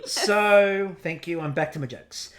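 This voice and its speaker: A man's voice: high-pitched, unhurried, crowd noise. An Australian man co-hosting a podcast, recapping a TV episode in casual chat and acting out what people said. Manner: animated storytelling, acting out quotes. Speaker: podcast co-host.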